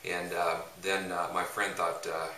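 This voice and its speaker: A man's voice: low-pitched, flat delivery, unhurried, pushed and bright. A man giving a casual faith-based teaching talk, telling stories in a rambling way with many filler sounds. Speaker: evangelism ministry leader. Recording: roomy echo, mic at a distance, faint noise.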